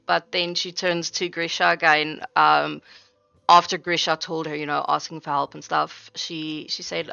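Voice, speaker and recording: A woman narrating as game master of a tabletop game, in a relaxed way with lots of fillers. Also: sits low, normal speed, gravelly, smooth, no echo. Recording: dull lo-fi mic.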